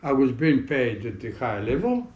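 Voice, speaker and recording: A man's voice: medium pitch, big pitch swings, normal speed, a little mellow, roomy sound, muffled recording. An older man with an accent, telling long stories from his working life in an interview and acting out the voices of people he quotes. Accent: non-native English accent. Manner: anecdotal storyteller who acts out quoted voices. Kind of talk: relaxed reminiscing interview.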